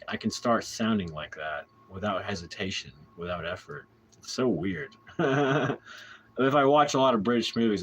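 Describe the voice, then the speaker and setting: A man's voice: fairly low pitch, a bit bright, a little hiss or hum. An American man chatting casually in a late-night vlog, answering his chat in a playful, rambling way and laughing often.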